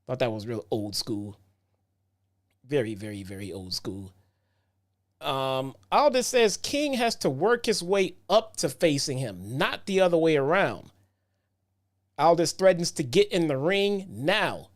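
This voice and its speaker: A man's voice: fairly high pitch, lively intonation, unhurried. A man hosting a casual wrestling review show. He recaps matches in a loose, chatty way, repeating himself and dropping "um" and "man" often. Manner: laid-back, frequent "um" and "man", repeats himself.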